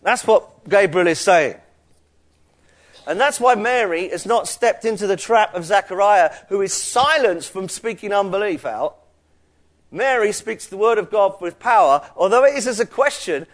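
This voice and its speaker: A man leads his congregation through a sermon in a slightly raised pitch. He talks conversationally, as if chatting with the room, then lifts his voice to press a point home. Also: lively intonation, fairly quick. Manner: conversational preaching, rises in emphasis. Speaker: pastor.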